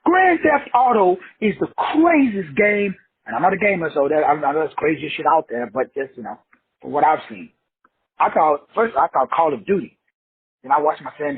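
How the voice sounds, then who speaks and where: On his self-help show, this man preaches bluntly to his audience, addressing them directly and cursing freely in a motivational rant. His voice is a little high with a breathy edge. It sounds tinny and dry, as if over a phone.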